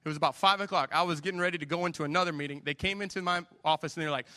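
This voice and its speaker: A man's voice: a little high, rapid-fire, hardly any pauses, bright, forceful tone, long reverb tail. Man preaching a sermon. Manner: conversational, self-deprecating storytelling with acted-out dialogue. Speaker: pastor.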